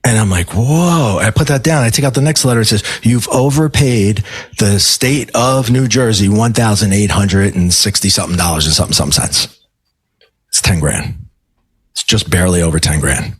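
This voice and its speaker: A man's voice: on the low side, fairly quick, slightly rough, no room sound. A middle-aged man, a life coach and podcast guest, telling a personal story emphatically and acting out his own quoted words. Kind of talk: storytelling in a casual interview.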